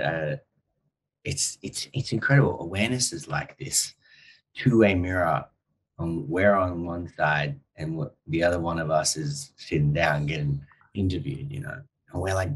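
A man's voice: sits low, moderate pace, a little hiss or hum. A man hosting a podcast interview, reflecting casually and laughing through his words. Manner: lively, laughs while talking. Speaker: podcast host.

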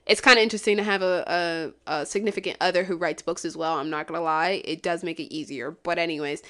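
A woman hosting a solo podcast, chatting casually, blunt and profane, swinging from low mumbles to loud exclamations. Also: clean tone. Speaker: podcast host.

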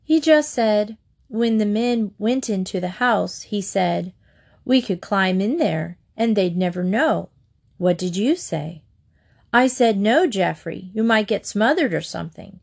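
A woman reading aloud, voicing a small younger girl who speaks softly and earnestly. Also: mid-range voice, animated, a little slow, creaky. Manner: soft, earnest questioning.

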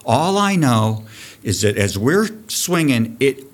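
A man in his fifties, a diving program director, telling a dive story on a podcast guest spot, animated and profane. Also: mid-range voice, takes it slowly. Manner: animated, profane storyteller who acts out shouting.

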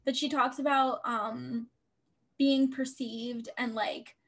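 A woman's voice: high-pitched, fairly even intonation, slow pace. A young woman co-hosting a podcast, chatting casually with a joking, filler-heavy manner. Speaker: podcast co-host. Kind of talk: casual chat.

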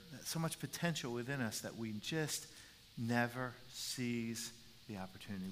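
A man preaching a sermon as a pastor, animated and repeating words as he builds his points. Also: medium pitch, a little hiss or hum. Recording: long reverb in a large hall.

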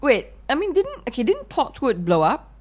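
A woman asking quick questions and laughing often in a casual group chat. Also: sits high, huge pitch swings.

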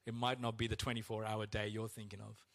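A man preaching a sermon as pastor, acting out complaints to God in a raised, strained voice. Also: fast talker. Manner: animated, acts out complaints to God in a high strained voice.

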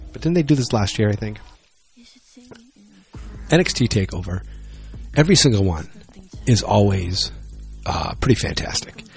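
Rambling, joking man with a low voice. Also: a little mellow. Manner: rambling, joking, self-deprecating. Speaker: solo wrestling vlogger. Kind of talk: casual rambling chat.

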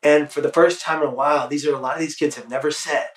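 A man's voice: a little high, steady tone, fast, reverberant, distant mic. A man hosting a podcast who talks about his work as a motivational speaker, telling stories with emphatic energy. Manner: emphatic, acts out his crowd chants loudly. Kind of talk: casual podcast conversation.

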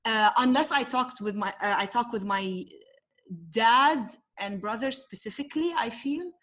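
A middle-aged Lebanese woman, a poet, telling her story in a candid interview, animated, swearing freely and mixing in Arabic phrases. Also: a little high, normal speed. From Tripoli, Lebanon. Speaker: poet, guest.

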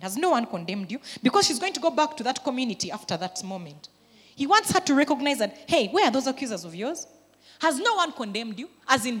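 A woman pastor delivers a sermon with a fairly high voice, building to emphatic peaks before dropping back to quieter, conversational storytelling. The sound carries the long reverb of a church hall. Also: husky. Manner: preaching with emphatic rising and falling intensity.

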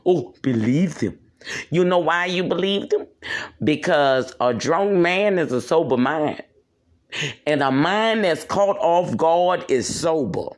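A man rants alone on his podcast, in a voice a touch higher than most men's. He preaches at his listeners and curses constantly. He circles back to repeat each point. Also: lively intonation, slow. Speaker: podcast host. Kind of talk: solo rant monologue.

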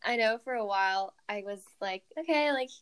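A young woman reflecting on a Bible story in casual chat, animated and full of "like" and exclamations. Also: medium pitch, moderate pace, clean tone. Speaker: co-host reflecting on scripture.

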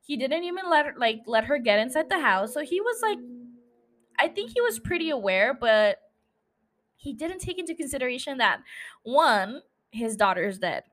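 A woman's voice: sits high, very animated, normal speed, a bit bright. Giggly rambling young woman podcaster. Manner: giggly, rambling, swears freely, laughs at herself. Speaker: podcast host. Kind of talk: casual solo podcast chat.

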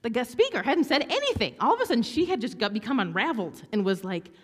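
Animated woman preaching in a reverberant hall. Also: on the high side, fast. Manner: animated storytelling, voice swings from hushed whispers to bright exclaiming. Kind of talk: sermon. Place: church stage.

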